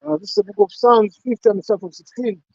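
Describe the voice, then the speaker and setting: A man's voice: high-pitched, steady tone, fast, a little mellow, no echo, lo-fi sound. A man in a religious camp talk, reading scripture aloud in emphatic archaic wording. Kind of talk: preaching conversation with scripture reading.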